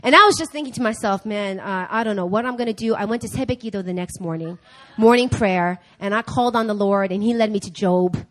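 A young woman preaching in church, telling a lively personal story and acting out the dialogue in different voices. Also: mid-range voice, quick pace. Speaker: speaker. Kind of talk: sermon storytelling.

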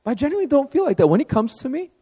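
A man in his thirties preaching a sermon as pastor, telling a personal story with animated emphasis. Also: very high-pitched, rapid-fire.

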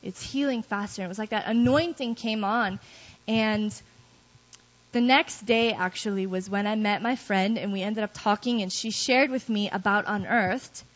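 A woman's voice: medium pitch, moderate pace. A woman giving a personal testimony to a church group, telling her story candidly and poking fun at herself. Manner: candid, self-deprecating storytelling with laughs. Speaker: guest speaker giving testimony. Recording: dull lo-fi recording.

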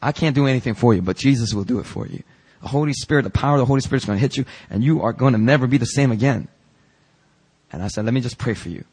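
A man, a pastor, telling a story in a sermon and acting out its dialogue with lively emphasis. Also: mid-range voice, rapid-fire, breathy edge. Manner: animated, acts out the dialogue in his story. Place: church sanctuary.

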